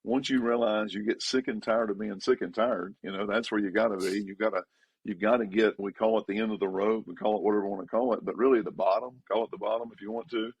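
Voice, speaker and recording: A man, a pastor talking in a casual podcast conversation, emphatic and repetitive, pitch jumping up when he stresses a point. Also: fairly even intonation, fast talker, breathy edge, no room sound, lo-fi sound.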